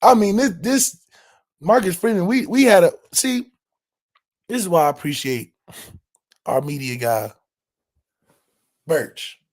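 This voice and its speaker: A man's voice: high voice, slow pace, pauses often. Guy cohosting sports podcast, laughing, trash talk, casual chat. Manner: animated, laughing, trash-talking. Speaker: podcast co-host. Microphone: webcam setup.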